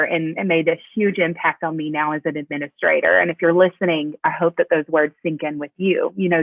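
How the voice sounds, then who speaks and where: A woman assistant principal telling a personal story in an interview, animated and full of fillers. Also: sits low, dry recording. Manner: animated storyteller, fillers, voice jumps up when quoting. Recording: tinny phone-line audio, dry.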